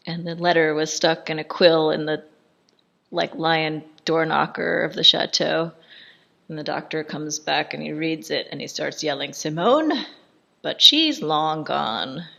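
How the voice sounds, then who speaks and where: Woman, low voice, casual film commentary, amused chatty scene-by-scene recap. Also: a little slow, creaky, bright, forceful tone, muffled recording. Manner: chatty, amused scene-by-scene retelling with frequent laughs.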